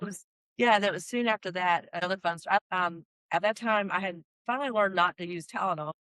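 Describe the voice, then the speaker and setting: A woman in her forties, a doctor hosting the session, telling stories in a lively, exclamatory way and acting out quoted dialogue. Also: on the low side, no echo, rough recording. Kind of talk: casual conversational storytelling.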